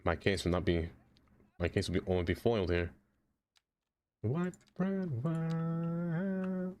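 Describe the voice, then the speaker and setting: A man's voice: deep voice, flat delivery, quick pace, darkish tone. Joking Brooklyn guy streaming a game. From Brooklyn, New York. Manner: rambling, joking, reading chat aloud. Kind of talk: casual gaming stream chat.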